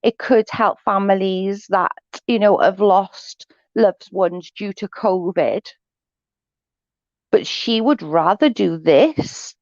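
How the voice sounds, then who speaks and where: A woman talks through a casual livestream, blunt and gossipy with sarcastic asides. Her voice sits at a middling pitch. The sound is dull and dry, as from a simple home mic. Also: slow, darkish tone, dry recording. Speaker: livestream host reading viewer chat. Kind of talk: casual chat.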